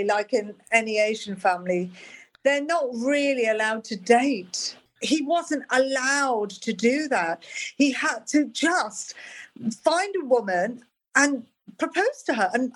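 A woman guest on a comedy podcast, making measured, thoughtful remarks. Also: high voice, animated. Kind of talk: casual comedic chat.

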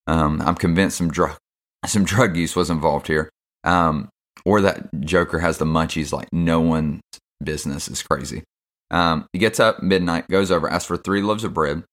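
A man's voice: very deep voice, steady tone, normal speed, fairly bright tone. A young man hosting a casual devotional podcast, laid-back and slangy, with lots of fillers. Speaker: podcast host.

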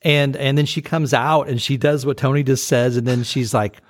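Chatty podcast co-host, dry sound. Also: male voice, medium pitch, fairly even intonation, moderate pace, no echo. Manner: rambling, many fillers and restarts. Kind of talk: casual chat.

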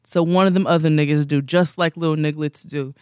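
A young man, a podcast co-host, telling rambling, animated stories in casual chat and laughing often. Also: fairly high pitch, brisk, smooth, no echo, clean studio sound.

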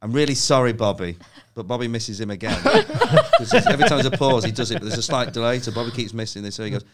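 A man's voice: medium pitch, huge pitch swings, fast talker, crowd noise. A man, a comedian guest on a podcast, telling anecdotes in casual chat and laughing at his own stories.

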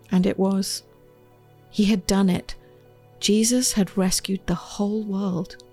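Faint music accompanies this unhurried reading. A woman with a medium-pitched voice shares her own children's story aloud, gently and with plenty of expression.

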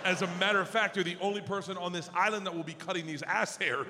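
A man doing stand-up storytelling on stage, animated and slipping into voices for the people he quotes. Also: high voice, quick pace, background noise. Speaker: stand-up comedian. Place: large theater stage before a live audience. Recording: live concert hall with long reverb.

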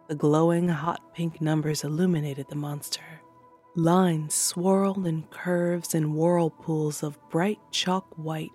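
A woman narrating a short horror story in a calm, measured way. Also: low-pitched, breathy edge. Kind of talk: scripted horror fiction narration.

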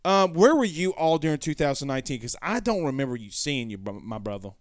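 A man's voice: fairly high pitch, big pitch swings, fast talker, no room sound. Chatty man hosting a sports show. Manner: rambling, self-correcting, folksy. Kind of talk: casual live-stream chat reading comments.

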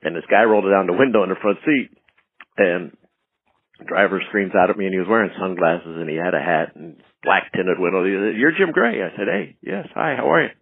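A man being interviewed as a guest, telling stories in an animated way and acting out quoted lines in a raised voice. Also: deep voice, fairly quick, no echo. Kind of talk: anecdotal storytelling. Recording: tinny phone-line audio.

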